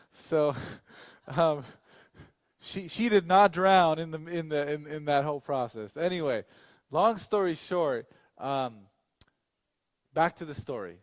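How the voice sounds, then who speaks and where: A male pastor tells a long personal story as a sermon, casual and chatty, full of fillers and restarts, often turning directly to his listeners with asides. His voice is fairly high, and the recording has a long reverb tail.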